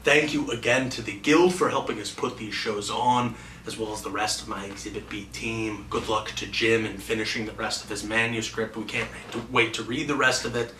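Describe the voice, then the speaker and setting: A man hosting a literary show, giving a relaxed, loose wrap-up. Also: on the low side, a little fast, hardly any pauses, a little hiss or hum. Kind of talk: casual closing remarks. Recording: roomy, distant mic.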